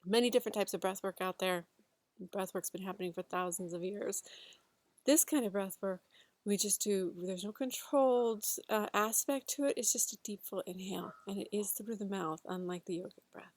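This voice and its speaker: A woman guiding a breathwork class, talking gently and unhurriedly with a few fillers. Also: mid-range voice, moderate pace, no echo. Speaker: breathwork facilitator. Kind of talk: guided instruction to a class.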